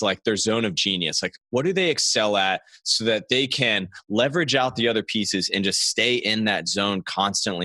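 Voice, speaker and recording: A man's voice: fairly low pitch, bright, forceful tone, no room sound. A man hosting a podcast, asking earnest, encouraging interview questions. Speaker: podcast host.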